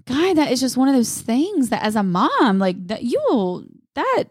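A young woman, co-hosting a podcast in casual chat, telling a story with lively asides. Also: a little high, normal speed, slightly rough, no echo, clean studio sound. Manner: animated storytelling, acts out voices. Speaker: podcast co-host.

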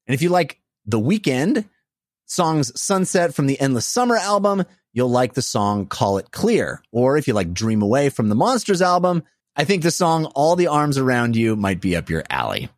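A man's voice: medium pitch, sing-song, moderate pace, dry recording, clean studio sound. A man hosting a casual podcast, talking loosely with frequent "uh" fillers. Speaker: podcast host.

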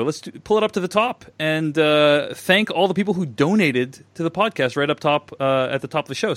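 A man's voice: fairly high pitch, dry recording. A man hosting a casual film podcast, thanking donors and reading listener messages aloud. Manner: reads listener messages aloud, laughing easily. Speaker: podcast host.

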